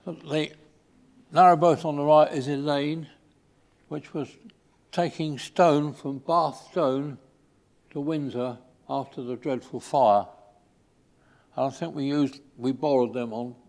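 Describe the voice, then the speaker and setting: An older man from England giving an informal slide talk, pausing often with fillers and restarts. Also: mid-range voice, steady tone, a little mellow. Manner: halting, with many fillers and restarts.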